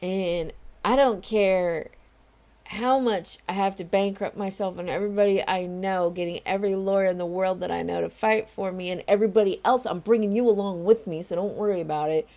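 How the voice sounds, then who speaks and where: A woman's voice: mid-range voice, fairly quick, dark tone. A woman in her forties speaking straight to her viewers in a casual vlog, earnest and emphatic as she reassures them. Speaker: vlogger and home confinement advocate. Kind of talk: casual direct-to-camera vlog.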